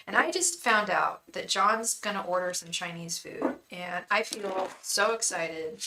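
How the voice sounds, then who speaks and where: A woman's voice: mid-range voice, measured pace, reverberant, background noise. A woman reading tarot on a live stream, chatting casually and joking in rambling asides to viewers. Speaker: tarot reader and psychic.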